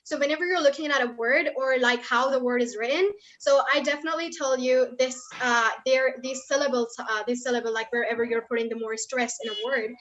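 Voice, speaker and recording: A young woman with a high voice talks quickly and casually, leaning on fillers as she explains things. Her voice comes through a video call with dull, lo-fi sound. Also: steady tone, fairly bright tone. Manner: quick, chatty, many fillers like "like" and "you know". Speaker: guest speaker. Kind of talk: online Q&A session. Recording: dull lo-fi online call audio.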